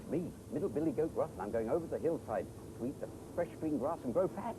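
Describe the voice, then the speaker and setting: A man plays a polite, nervous middle-sized billy goat from a storybook, talking in a hurried, pleading way. His pitch moves a lot. The studio behind him is noisy. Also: lively intonation, lightly acted. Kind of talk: children's TV storytelling.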